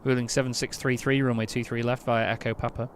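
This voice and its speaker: Playing an air traffic control game on a live stream, a man from England speaks at a quick pace and ordinary pitch with little melodic movement. He thinks aloud casually, dropping into clipped, crisp controller-style radio talk over a faint background hiss from his desk mic.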